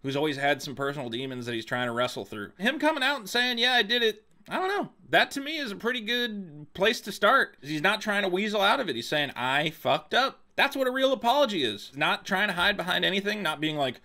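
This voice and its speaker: A man's voice: sits high, very animated, fast, few pauses, bright, forceful tone. A man hosting a comedic commentary video, sarcastic and incredulous, swearing and laughing as he reads quotes aloud.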